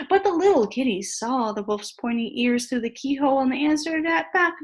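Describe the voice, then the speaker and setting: A woman reading a children's story aloud with expressive, animated storytelling during a worship service. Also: high voice, normal speed, few pauses. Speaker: worship leader. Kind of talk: story read-aloud in a sermon.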